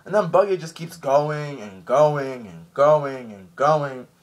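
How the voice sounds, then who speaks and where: A man reviewing an anime episode in a casual recap, animated and rambling with many fillers. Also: on the high side, slow pace.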